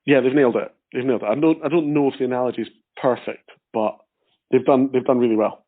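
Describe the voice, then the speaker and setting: A man's voice: mid-range voice, steady tone, fast. Dry-witted man, tinny line. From Scotland. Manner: dry, teasing wit. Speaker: podcast guest. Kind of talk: casual chat.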